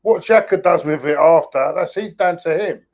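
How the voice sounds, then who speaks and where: A man dials into a fan stream over a weak connection. He is sarcastic and sure of his views. His voice sits a touch high. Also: moderate pace, a little mellow. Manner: sarcastic, firm opinions. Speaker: guest pundit. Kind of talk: casual football fan chat. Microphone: video call over weak internet.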